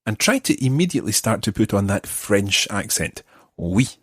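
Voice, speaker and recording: A man's voice: fairly low pitch, expressive, moderate pace, a bit bright, husky, dry recording. A middle-aged man hosting a podcast language lesson, patiently explaining and modeling pronunciation for learners. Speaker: language teacher and podcast host. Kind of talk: friendly guided language lesson.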